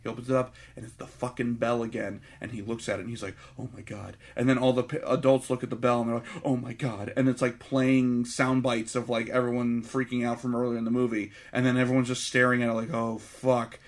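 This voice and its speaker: A man's voice: medium pitch, little pitch movement, fairly quick, few pauses. Blunt, profane man recapping a movie.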